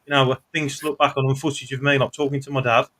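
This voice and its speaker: A man's voice: mid-range voice, flat delivery, racing, fairly bright tone. A man with a Black Country accent hosting a podcast in casual chat, talking openly and filling his speech with little asides. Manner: chatty, open, lots of fillers. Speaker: podcast host.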